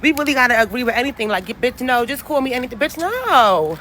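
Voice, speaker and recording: A woman ranting loudly and with exasperation in a social media clip, cursing often. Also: a little high, very animated, quick pace, slight background noise. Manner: loud, exasperated, profane ranting.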